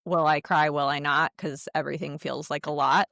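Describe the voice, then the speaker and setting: A woman in her thirties, a podcast co-host, chatting candidly about parenting and sometimes quoting her son in a soft, small voice. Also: deep voice, fairly even intonation, normal speed, creaky, no echo, studio quality. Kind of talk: casual chat.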